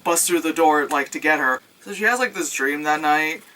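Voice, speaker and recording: A woman's voice: low-pitched, normal speed, poor audio. A woman giving a casual, sarcastic movie recap, swearing freely. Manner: animated, sarcastic, swears freely, acts out scenes with yelps. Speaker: movie reviewer.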